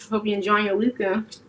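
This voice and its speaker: Co-hosting an eating video, this Louisiana woman keeps the chat casual and laughs readily. She has a mid-range voice picked up from a bit away by a distant mic, and the low-quality recording carries a light hiss.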